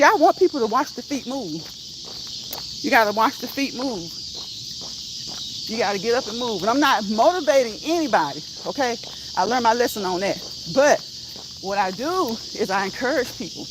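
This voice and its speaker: A woman livestreaming as she walks outdoors, chatting casually with viewers, teasing and laughing often. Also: on the high side. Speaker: vlogger on a live walking stream. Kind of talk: casual chat while walking. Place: outdoors in a rural area, walking uphill. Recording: outdoor noise with insects.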